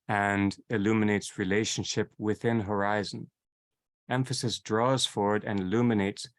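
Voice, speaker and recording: A man leading a theology seminar in a reflective, unhurried way, often repeating and rephrasing his phrases as he teaches. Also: on the low side. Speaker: seminar leader.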